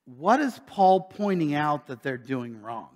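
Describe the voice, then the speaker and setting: In a church sanctuary thick with lingering reverb, an American pastor gives a sermon in a conversational tone, throwing rhetorical questions at the congregation. His voice is fairly high and swings widely in pitch, moving a little slowly.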